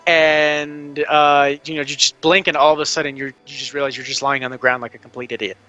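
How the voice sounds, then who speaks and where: A man acting as game master, narrating a tabletop game in a halting way full of fillers. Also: a little high, flat delivery, sharp tone, muffled recording.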